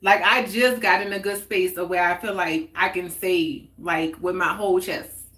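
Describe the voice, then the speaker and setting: A woman's voice: fairly low pitch, fairly even intonation, moderate pace, sharp tone. A woman in her forties hosting a casual heart-to-heart talk stream, chatty and candid, answering viewers' comments aloud and laughing often. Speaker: host of a live talk stream. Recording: roomy echoey sound.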